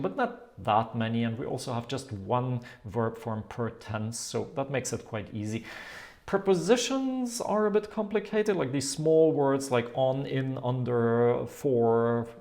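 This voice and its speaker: A man teaching in an explanatory video lesson, demonstrating sounds and tones in a lively way. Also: mid-range voice, a little slow. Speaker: language teacher.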